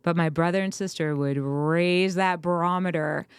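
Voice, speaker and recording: A woman co-hosting a parenting podcast, chatting casually and telling animated stories with chuckles. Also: on the low side, moderate pace, clear, resonant tone, no echo. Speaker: podcast co-host.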